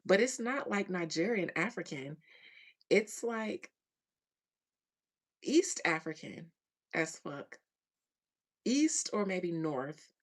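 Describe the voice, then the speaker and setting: Slow-talking woman, casual chat host. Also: on the low side. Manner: animated, laughs often, slangy, slow drawn-out delivery. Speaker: host reading chat comments.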